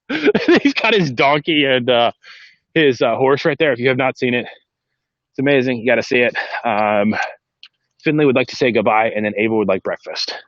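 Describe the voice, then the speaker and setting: A man's voice: mid-range voice, normal speed, a bit bright, dry recording, lo-fi sound. A man hosting a casual live-stream podcast from inside a vehicle, chatting in a rambling way and talking to his kids between points. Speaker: podcast host.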